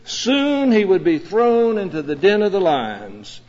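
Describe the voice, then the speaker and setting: A man, a pastor, preaching a sermon in a measured, earnest way with dramatic pauses. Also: sits high, wildly swooping pitch, darkish tone. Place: church sanctuary. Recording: dull lo-fi recording in a reverberant church.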